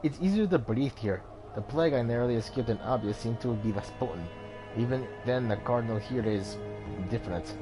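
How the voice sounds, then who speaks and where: With a brisk, expressive, mid-range voice and light acting, a man portrays a mystical former warrior now working as a merchant. Reading game dialogue over music, he uses an affected Indian accent and sounds solemn, enigmatic, and cryptic.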